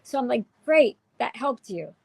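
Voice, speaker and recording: A woman's voice: fairly high pitch, animated, moderate pace, gravelly, no room sound, low-quality recording. A woman hosting a candid livestream chat, speaking in a heartfelt, emotional way with many restarts. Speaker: show host.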